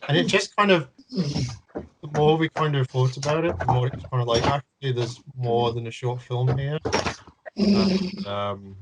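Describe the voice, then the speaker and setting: A man's voice: medium pitch, animated, measured pace, heavy background noise. A man chatting casually on a video call, rambling with lots of fillers and jokes. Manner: rambling, filler-heavy, jokey. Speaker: film director.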